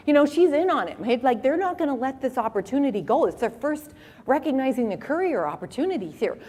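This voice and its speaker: A woman in her forties giving a conference talk with animated, humorous storytelling. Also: high voice. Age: 40s. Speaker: conference speaker. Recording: long reverb of a hall.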